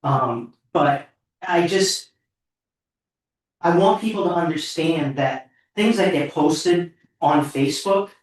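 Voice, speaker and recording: A board member speaks at a town meeting, earnest, heartfelt and audibly emotional, in a middle pitch. The voice is heard from a distance in a very echoey meeting room. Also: slow. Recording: echoey hall, far from the mic.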